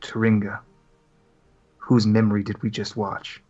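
A man playing a blunt adventurer, earnest, husky voice, dull lo-fi recording. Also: fairly low pitch, completely flat delivery, measured pace, dark tone, soft background music. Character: bold outspoken adventurer man.

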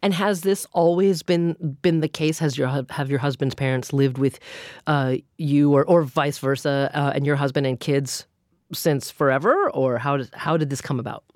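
A woman hosting a public radio interview show, talking in a measured, conversational way. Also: low voice, fairly even intonation, a little mellow, no echo, clean studio sound. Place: radio studio.

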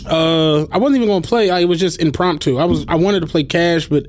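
A young man with a fairly high voice tells a story on a podcast. He talks casually and profanely and keeps breaking into laughter. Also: brisk. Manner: animated, profane, laughs often while telling a story. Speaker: podcast co-host.

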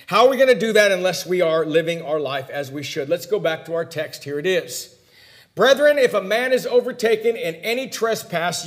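A man preaching a sermon, telling personal stories, who swings between loud emphatic lines and hushed asides. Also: a little high.

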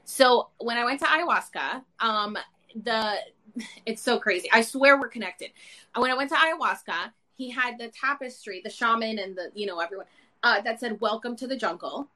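A woman hosting a live chat, telling an excited, rambling story full of "like" and "you know". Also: on the high side, normal speed. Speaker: podcast host. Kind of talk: casual live-stream chat.

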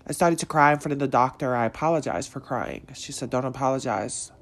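Man giving slow, emphatic motivational talk. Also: mid-range voice, vocal fry, a bit bright. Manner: preachy, repetitive rhetorical questions. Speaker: motivational speaker. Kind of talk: motivational monologue.

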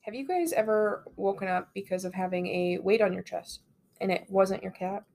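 A hoarse woman on a podcast, telling a spooky story with teasing, dramatic build-up. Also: mid-range voice, moderate pace, darkish tone, slight background noise. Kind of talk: casual storytelling.

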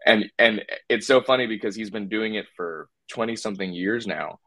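A man's voice: lowish voice, normal speed, bright, forceful tone, dry recording. A man talking as a puppeteer guest in a casual interview, rambling with lots of fillers and restarts.

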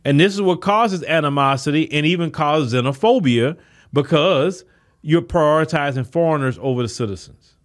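Male podcast host, higher-pitched voice, preachy solo commentary. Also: normal speed. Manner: preachy, emphatic, rhetorical questions to listeners.

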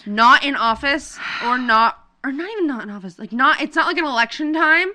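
A woman's voice: high voice, lively intonation, a little fast, pushed and bright. A young woman in her twenties co-hosting a casual chat, venting animatedly about pet peeves with casual swearing. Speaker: podcast co-host.

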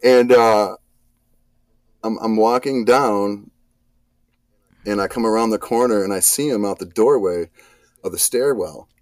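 A man guesting on a podcast, telling wild stories in a casual, profane, animated way and acting out the quotes. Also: on the low side, measured pace, long pauses, dry recording. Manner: animated, profane storyteller who acts out quotes. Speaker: guest, urban explorer.

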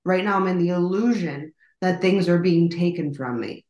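A middle-aged woman co-hosting a podcast tells a rambling, casual story packed with fillers and swearing. Her lowish voice has a darkish tone at normal speed, and the dull audio carries a roomy echo.

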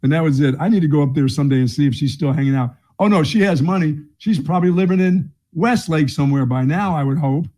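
A man's voice: on the high side, fast, hardly any pauses, dark tone. A middle-aged man, a sports talk co-host telling a blunt, rambling story in casual banter. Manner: blunt, rambling storyteller who laughs at his own jokes. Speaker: radio sports show co-host.

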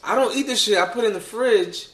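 A man telling a story in a casual group chat, animated, profane and laughing as he talks. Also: high voice, fast talker, reverberant.

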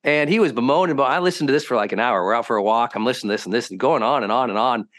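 A man hosting a podcast, a high-performance coach telling stories in a lively, conversational way and acting out quotes with sudden bursts. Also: racing. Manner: animated, swings into loud acted quotes. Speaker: host.

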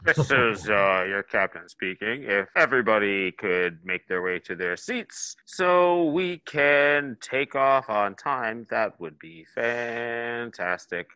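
A man playing an airline captain announcing over the intercom, slow and calm. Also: mid-range voice, smooth, no echo, poor audio.

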